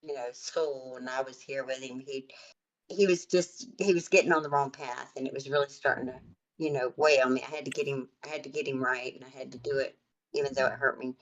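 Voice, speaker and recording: A woman's voice: extremely low pitch, steady tone, fairly quick. An older woman, a grandmother, telling a story in a blunt, repetitive way during a casual chat. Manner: blunt, repeats herself for emphasis. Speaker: stream host.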